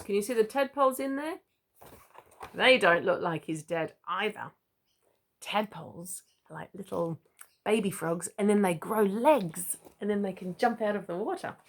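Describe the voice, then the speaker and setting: A woman reading a children's picture book aloud, stopping for gentle asides to the child listening. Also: mid-range voice, a little hiss or hum. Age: older. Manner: gentle asides, chuckling often. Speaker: storybook reader.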